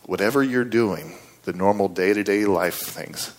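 A man's voice: fairly low pitch, measured pace. A man preaching a storytelling sermon in an earnest, conversational way, often checking in with his listeners.

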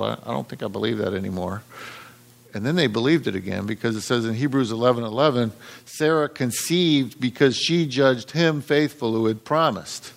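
Gravelly-voiced man preaching a sermon. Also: medium pitch. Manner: conversational, repeats words, quotes scripture. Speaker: pastor.

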